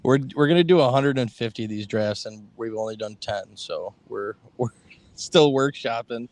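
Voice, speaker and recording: A man's voice: medium pitch, normal speed, no room sound. A man co-hosting a live fantasy football draft stream, easygoing and rambling in casual chat. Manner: easygoing, chuckling, rambling with restarts. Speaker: podcast co-host.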